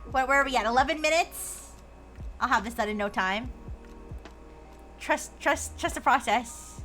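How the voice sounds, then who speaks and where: High bright-voiced woman streamer rambling. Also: measured pace, soft background music. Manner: rambling with many restarts and fillers; playful, plays a robot persona. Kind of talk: casual chat while gaming.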